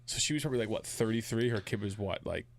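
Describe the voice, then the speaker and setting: A man co-hosting a casual chat, telling stories quickly and acting out other people in a high voice. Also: slight background noise. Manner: fast storyteller, mimics others in a high voice. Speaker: podcast co-host.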